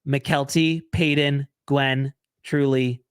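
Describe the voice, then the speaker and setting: A woman's voice: rumbling low, fairly even intonation, slow pace, clear, resonant tone, no echo, studio quality. A woman co-hosting a podcast, chatting casually and bluntly about a reality show, swearing and mimicking the cast. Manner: blunt, profane, mocking impressions. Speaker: podcast co-host. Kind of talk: casual reality-TV recap chat.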